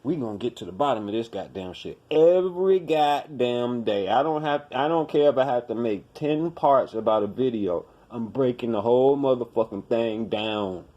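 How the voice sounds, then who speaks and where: A man rants on his own podcast, blunt, profane and scolding. His voice is mellow and warm rather than bright, and his pitch sits at an average height for a man. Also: animated, normal speed, few pauses, lo-fi sound. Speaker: podcast host. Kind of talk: profane commentary rant.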